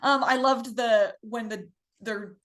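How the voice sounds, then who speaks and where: A woman's voice: a little high, slow, fairly bright tone. A woman co-hosting a casual movie review podcast who giggles a lot and keeps asking questions. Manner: giggly, asks questions, frequent backchannel. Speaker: podcast co-host.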